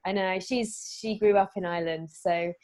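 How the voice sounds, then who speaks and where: A woman's voice: medium pitch, fairly even intonation, moderate pace, a little mellow. An English woman, an actress guest in a casual interview, easygoing and full of fillers. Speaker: actress and paranormal investigator guest.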